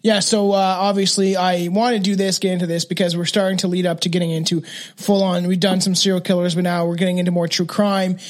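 A man hosting a true crime podcast, talking casually and rambling, with many restarts. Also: high voice. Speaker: podcast host.

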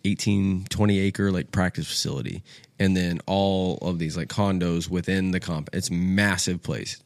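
A young man with a lowish voice tells a rambling story, loose and profane, jumping into the voices of the people in it. The sound is close and dry, with no room around it. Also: dry recording. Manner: animated, swears freely, acts out quoted voices. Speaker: podcast guest. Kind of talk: casual storytelling.

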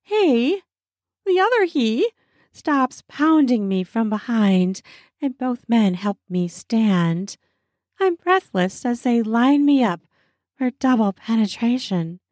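A woman tells an erotic audio story in the first person, her voice breathy and intimate and a little high. She takes her time over every line, unhurried and hushed. The recording is dry and close, with no room sound. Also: big pitch swings, dry recording. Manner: breathy and intimate, slipping into soft moans. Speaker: narrator.

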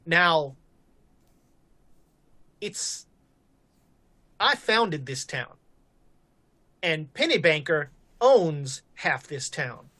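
A woman voicing a courteous, shrewd man who founded the town, speaking slowly and diplomatically. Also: sits low, very animated, fairly bright tone, full character voice. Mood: diplomatic. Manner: slow, measured, diplomatic.

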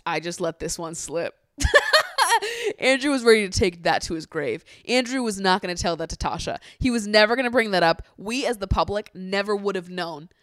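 A woman's voice: mid-range voice, dry recording, studio quality. A woman hosting a podcast in casual chat, candid and blunt, swearing freely and laughing often. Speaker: podcast host. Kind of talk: casual chat recapping a reality show.

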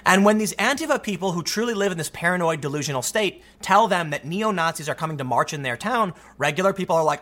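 Man, commentary host, sarcastic, very lively pitch, bright tone. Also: quick pace, few pauses. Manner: animated, sarcastic, mocking impressions. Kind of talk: reading and reacting to a news article.

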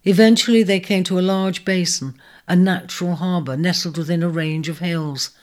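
A woman narrating a storybook in a steady, measured way. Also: lowish voice. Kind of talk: storybook reading.

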